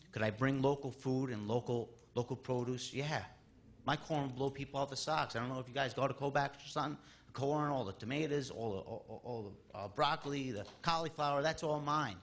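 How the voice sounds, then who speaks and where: A man's voice: medium pitch, a bit bright. Exasperated man in his thirties. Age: 30s. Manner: rambling, exasperated, with restarts and rising emphasis. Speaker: resident speaking at public comment. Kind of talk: public comment at a town meeting. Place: town board meeting room.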